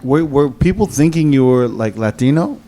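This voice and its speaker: A man's voice: medium pitch, animated, moderate pace, mellow. A man co-hosting a casual podcast, asking the guest short prompting questions. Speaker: podcast co-host.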